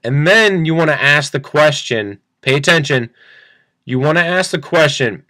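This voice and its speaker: A man's voice: fairly high pitch, measured pace, bright, forceful tone, dry recording, poor audio. Upbeat man coaching a sales call. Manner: upbeat, repeats phrases, acts out phone dialogue. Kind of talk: screen-share training talk.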